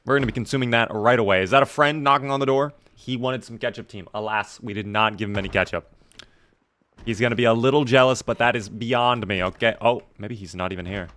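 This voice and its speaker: A man's voice: mid-range voice, fast, a bit bright. Playful male game streamer. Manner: playful, joking, mock-formal asides; chats with viewers by name. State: talking around a sore in his mouth. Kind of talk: casual gameplay commentary to live chat.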